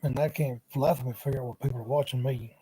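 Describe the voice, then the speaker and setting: A man's voice: medium pitch, steady tone, very fast, mellow, slightly rough, no room sound. Drawling man on a livestream. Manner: drawling, wandering, muttering asides. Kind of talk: rambling casual livestream chat. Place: at home, sprawled on a couch. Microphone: laptop microphone.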